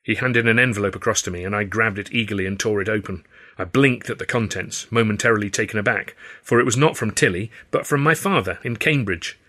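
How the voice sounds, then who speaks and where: A man narrating his own novel in the first person, in a wry, measured storytelling manner. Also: fairly low pitch, sharp tone. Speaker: author reading his novel.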